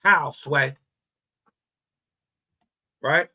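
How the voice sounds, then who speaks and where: A man's voice: extremely high pitch, expressive, slow, sharp tone. A man reading scripture aloud and breaking off into mocking, laughing street-slang commentary, often checking that his listeners follow. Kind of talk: casual religious commentary.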